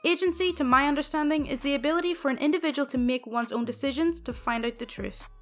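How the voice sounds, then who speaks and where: A woman's voice: high voice, quick pace. A woman reading reddit stories aloud in a wry, conversational way. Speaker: reddit story narrator.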